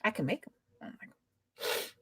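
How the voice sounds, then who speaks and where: A woman's voice: normal speed, fairly bright tone, dry recording. A young adult woman rambling in casual chat, drawling and emphatic as a co-host.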